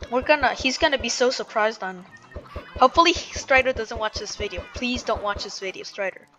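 A woman's voice: on the high side, a little fast, sharp tone, slight background noise. A woman giving casual gameplay commentary, chatty and full of "like" and restarts. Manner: chatty, hedging with "like", self-interrupting. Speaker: gamer and video creator.

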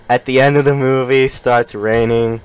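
A male streamer improvising a mock sales pitch, riffing quickly and laughing through it. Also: little pitch movement, smooth.

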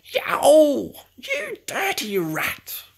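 Reader doing a sly hungry fox, low and hissy, drawn out, gravelly. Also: huge pitch swings, very slow, heavily acted. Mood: angry. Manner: hissing, low.

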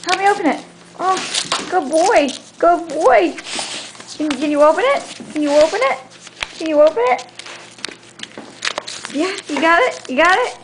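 A woman's voice: very high voice, expressive, unhurried, pauses often, noisy background. A woman filming at home, talking to her dog in a cooing, baby-talk manner. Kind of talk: home video chat.

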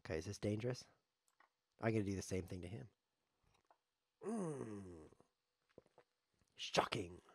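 A man's voice: lowish voice, fast talker, pauses often, mellow, breathy edge, no room sound. A man streaming live chess, commenting on his games in a sarcastic, joking way as he plays. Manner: sarcastic, joking, talks to himself while playing.

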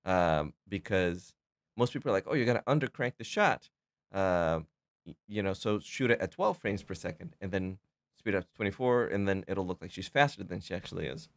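A man, a filmmaker guest on a podcast, telling an animated story full of fillers and restarts and acting out the people he quotes. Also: deep voice, a little fast, creaky, no echo. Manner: acts out quoted voices. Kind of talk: casual podcast chat.

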